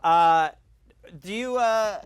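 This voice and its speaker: A man's voice: high-pitched, drawn-out words, clean tone. A man hosting a comedy talk show, bantering and introducing guests like a showman.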